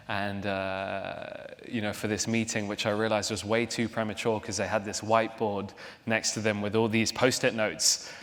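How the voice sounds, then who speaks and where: A young man being interviewed on a stage, voice somewhat low and chatty, often laughing at himself. His voice rings through a large hall with a long reverb. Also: a bit bright. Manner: chatty, laughing, self-deprecating, with restarts. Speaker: actor guest. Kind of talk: onstage interview. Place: large theater hall, live audience.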